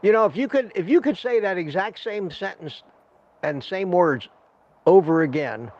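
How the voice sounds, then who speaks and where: Male stream host, high-pitched, chatty and repetitive, muffled lo-fi sound. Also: expressive, normal speed, a little mellow. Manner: laughing, upbeat, repeats himself. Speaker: livestream host. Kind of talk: casual group chat.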